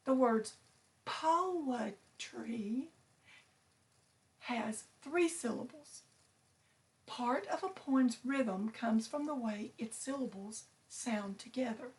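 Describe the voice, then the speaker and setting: A woman teacher reading a picture book aloud to her students, slow and clear, stressing each syllable. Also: on the high side.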